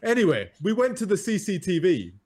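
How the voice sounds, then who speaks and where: A man's voice: sits high, a little fast. A man who is a doctor, chatting on a podcast and telling an anecdote with laughter. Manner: animated, laughing storyteller. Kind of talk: casual chat, anecdotal storytelling.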